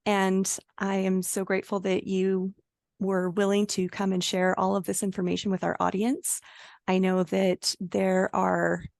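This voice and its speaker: A woman's voice: medium pitch, vocal fry, darkish tone, no echo. A woman hosting a webinar, thanking her guest in a hesitant way with many fillers. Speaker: host. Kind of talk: closing remarks to a guest.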